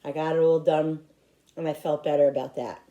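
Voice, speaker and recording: A woman's voice: low-pitched, little pitch movement, brisk, noisy background. A middle-aged woman talking to her viewers in a heartfelt, rambling way, often restarting her sentences. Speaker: YouTuber. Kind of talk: personal vlog talk. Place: home in upstate New York.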